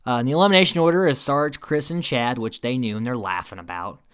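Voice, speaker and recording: A man giving a casual, opinionated recap commentary, animated and swearing, with many fillers. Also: medium pitch, fast, clean tone.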